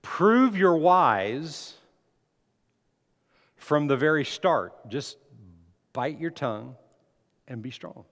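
A man's voice: on the high side, expressive, extremely slow, pauses often, fairly bright tone. A man preaching a sermon, asking the congregation questions and building emphasis as he speaks. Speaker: pastor. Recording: long hall reverb.

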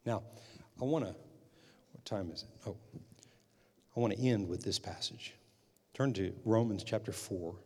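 A male pastor preaching a sermon, repeating his points with emphasis and building to loud, forceful stretches. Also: lowish voice, normal speed, long pauses, husky. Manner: preaching with emphatic repetition, rising loud at climaxes. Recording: long hall reverb.

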